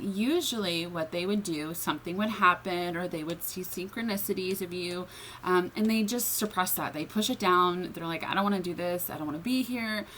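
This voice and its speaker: A woman's voice: fairly low pitch, fairly bright tone, slight background noise, rough recording. A woman giving a casual tarot reading in a chatty, filler-heavy way, often checking in with the listener. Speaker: tarot reader.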